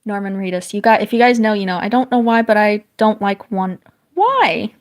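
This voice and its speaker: A woman's voice: mid-range voice, fairly even intonation, brisk, a little mellow. A woman in her thirties from the northern United States, chatting casually with viewers while she draws, rambling and restarting often. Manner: rambling, reads chat aloud, frequent restarts. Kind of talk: casual live-stream chat.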